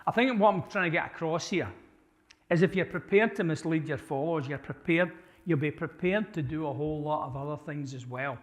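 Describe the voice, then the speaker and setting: A man with a slightly high voice speaks a little fast as he gives a chatty apologetics talk to a church audience. He puts questions to the crowd and restarts sentences often, and the church hall recording has long reverb.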